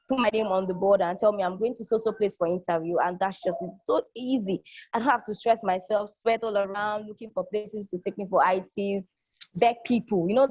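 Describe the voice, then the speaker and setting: A young woman, a college student, gives an enthusiastic, casual testimonial, repeating phrases for emphasis and acting out the people she quotes. Her mid-range voice has a darkish tone, heard in a dull, lo-fi, dry recording with no echo.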